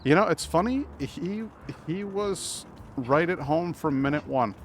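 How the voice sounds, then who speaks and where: A man's voice: fairly high pitch, expressive, a little slow, slight background noise. A man streaming a game live, chatting casually and telling stories with frequent restarts. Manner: rambling, warm storytelling with frequent restarts.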